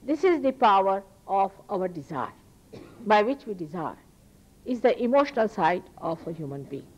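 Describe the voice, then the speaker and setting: A woman's voice: medium pitch, sing-song, normal speed, dull audio. A woman with an Indian accent giving a spiritual lecture to an audience, earnest and emphatic, repeating phrases for stress. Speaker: spiritual teacher. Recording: archival talk recording.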